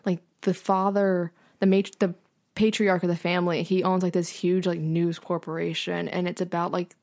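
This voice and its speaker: A woman's voice: lowish voice, little pitch movement, moderate pace, a little mellow. A young woman co-hosting a podcast in casual chat, chatty and playful, with lots of fillers and laughter. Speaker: podcast co-host.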